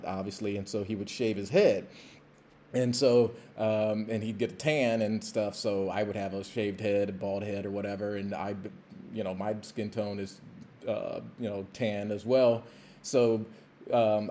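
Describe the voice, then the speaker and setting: A man hosting a podcast, telling a casual story in a rambling, halting way with many fillers and restarts. He is a former pro football player. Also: lowish voice, dark tone.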